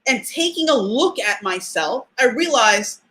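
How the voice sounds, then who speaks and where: A woman hosting a casual live talk show for her listeners. She speaks in a fairly high voice that swoops up and down a lot. She is chatty and animated, laughs often and leans on fillers. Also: measured pace. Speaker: podcast host.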